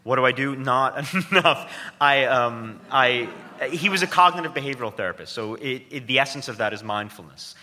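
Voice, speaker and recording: A man's voice: medium pitch, lively intonation, normal speed, few pauses, pushed and bright, in a large hall. A man interviewed about his book, talking in a joking, self-deprecating way with many restarts. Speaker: author and guest. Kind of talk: interview conversation. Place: stage before an audience.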